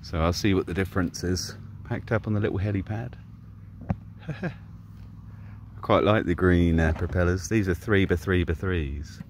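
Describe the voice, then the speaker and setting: A man's voice: sits low, moderate pace, a little hiss or hum. An Englishman chatting casually as he narrates his own outdoor vlog by a river, speaking into a camera mic. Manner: chatty, laid-back commentary while walking outdoors. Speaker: vlogger filming drone flights. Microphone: camera mic, exposed to wind.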